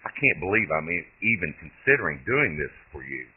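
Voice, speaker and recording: A man voicing a nervous young great-grandson, speaking in an anxious, pleading way with a husky voice. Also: low voice, very animated, brisk, full character voice. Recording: tinny lo-fi phone-like audio.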